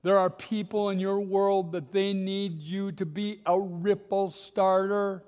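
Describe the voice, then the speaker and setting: A high-voiced man preaching in a church sanctuary, his words carrying a long reverb through the hall. He takes his time, dropping to a hush and then climbing into urgent exhortation. His delivery is impassioned and earnest throughout. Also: flat delivery, slow, lo-fi sound. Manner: impassioned, swinging from hushed to rising exhortation. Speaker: guest preacher. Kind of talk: sermon.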